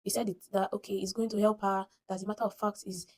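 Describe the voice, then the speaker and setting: A fast-talking Nigerian woman recounts a story into her phone in an animated, dramatic way. Her voice is husky and mellow, slightly dark in tone. She acts out each person she quotes. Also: medium pitch, poor audio. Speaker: vlogger. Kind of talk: casual storytelling to camera.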